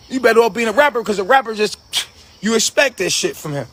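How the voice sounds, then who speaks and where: A man's voice: high-pitched, expressive, fast, pushed and bright. A man hosting a livestream, delivering a profane, aggressive, preachy rant full of repetition. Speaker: livestream host.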